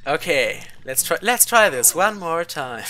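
Bright-voiced man streaming a game. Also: on the high side, sing-song, slow pace, faint music behind. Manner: casual, swears freely, laughs often. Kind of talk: casual gameplay commentary.

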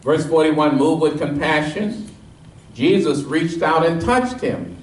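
A man preaching a sermon as pastor, quizzing his congregation call-and-response style and pressing his points with rising energy. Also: slow pace. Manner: energetic and emphatic, rising in pitch as he drives points home. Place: church sanctuary. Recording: echoey room, mic at a distance.

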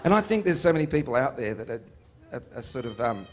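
A man in a casual interview, talking in a mid-range voice. He is animated and jokey and laughs through his stories. Faint background noise sits under the voice. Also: mid-range voice, quick pace. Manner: animated, joking, laughs often. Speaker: musician guest.

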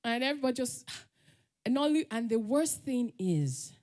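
Nigerian woman giving a talk, highish voice, swoops all over the place, acts out voices. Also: normal speed. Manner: animated, laughs often, acts out quoted voices. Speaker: conference speaker. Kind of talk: conference talk with personal stories. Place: summit stage.

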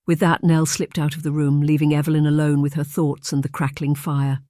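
An audiobook narrator reading a romance novel in an even, measured scripted style. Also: mid-range voice, no room sound, studio quality.

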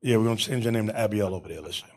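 A man's voice: fairly low pitch, racing. A man teaching a Bible class in an emphatic preaching manner, calling on readers and staff between points.

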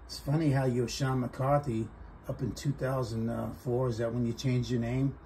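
A man's voice: medium pitch, level tone, moderate pace, mellow, a little hiss or hum. A middle-aged man, vlogging in a casual, mocking monologue, tacking "there" and "huh" onto his taunts.

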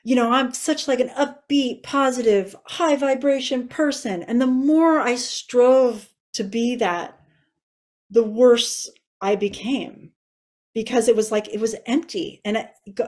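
A woman's voice: a little high, a little slow, darkish tone. Earnest emotional woman telling her testimony. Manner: earnest and emotional, tearful at times. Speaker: guest sharing testimony. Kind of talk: personal testimony interview.

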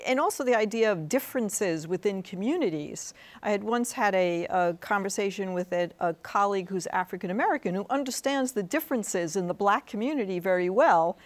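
A woman's voice: medium pitch, a little fast, few pauses. A woman professor speaking as a guest in a studio interview. She makes her points earnestly and keeps checking in with the listener by asking "right?".

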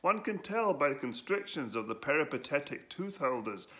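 A man's voice: a little high, very animated, normal speed, pushed and bright, voice pushed up. A man voicing a meek young male knight with a droning, boring voice, reading a storybook aloud. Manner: droning, wordy.

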